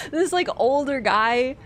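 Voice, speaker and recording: A woman's voice: sits high, animated, slow pace, slight background noise. A woman streaming a game, chatting casually with her viewers and laughing often. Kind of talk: casual live-stream chat.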